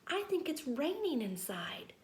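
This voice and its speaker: A woman voicing a small, anxious young male mouse in a storybook, pleading in a high voice. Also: very animated, unhurried, a little hiss or hum. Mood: scared. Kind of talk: storybook reading. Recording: roomy echo.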